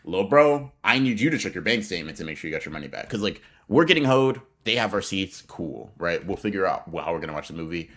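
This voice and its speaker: A young man co-hosting a podcast, telling an animated, profane story in casual slang. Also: low voice, quick pace, hardly any pauses. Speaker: podcast co-host.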